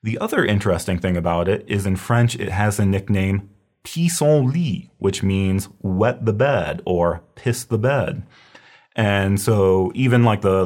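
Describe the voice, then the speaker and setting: A man's voice: deep voice, a little mellow. A man giving a casual, explanatory recorded lecture on herbal medicine, repeating key terms as he goes.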